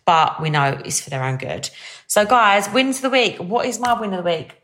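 A woman's voice: medium pitch, normal speed, a bit bright. A young woman hosting a casual solo podcast, chatty and bubbly, with lots of fillers. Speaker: podcast host.

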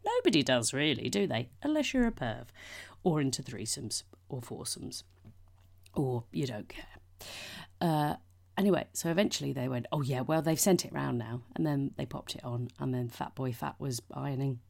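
A woman's voice: very deep voice, animated, normal speed, creaky, a little mellow. A woman in her forties, hosting a podcast and telling rambling, sweary anecdotes with lots of asides. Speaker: podcast host. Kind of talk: casual chat.

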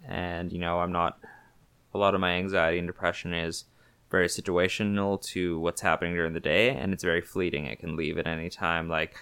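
A man's voice: deep voice, level tone, a little fast, fairly bright tone, smooth, no room sound. A man, co-hosting a podcast in casual chat, joking around and stumbling over restarts. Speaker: podcast co-host.

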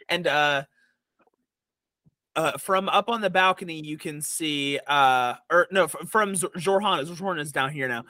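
A man narrating as dungeon master in a tabletop game, halting with many fillers and restarts. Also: a little high, bright, forceful tone, dry recording.

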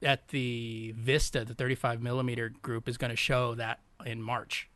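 A man's voice: mid-range voice, little pitch movement, moderate pace, fairly bright tone, no room sound. A man co-hosting a podcast in casual chat, laughing often and rambling through fillers as he recalls things. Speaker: podcast co-host.

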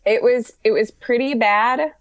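A woman co-hosting a comedy podcast from a hotel room over a video call, halting and self-deprecating. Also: a little high, no room sound. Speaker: co-host. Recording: dull lo-fi video call audio.

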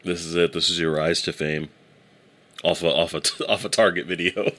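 Chill podcast dude, really low voice, laughs a lot, hypes his buddy up. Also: fairly even intonation, normal speed, a bit bright. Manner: laid-back, hyping up his friend, laughs often. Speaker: podcast co-host. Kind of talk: casual chat.

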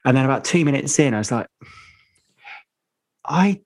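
A man's voice: mid-range voice, racing, a little mellow. Rambling, laughing man. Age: 30s. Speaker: podcast co-host. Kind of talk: casual football podcast chat.

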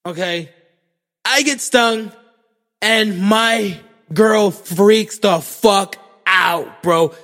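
A man's voice: sits high, extremely slow, long reverb tail, faint music behind. A young man from Florida, telling a comic story as a podcast host, swearing freely and mocking himself. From Florida, USA. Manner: profane, animated, self-mocking. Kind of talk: comedic storytelling monologue.

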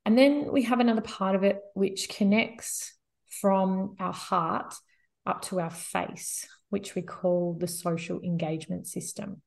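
Woman guest, mid-pitched, calm and steady, explains at length. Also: a little slow, vocal fry. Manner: calm, explains steadily with frequent "you know". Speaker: guest expert. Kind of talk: explanatory interview talk.

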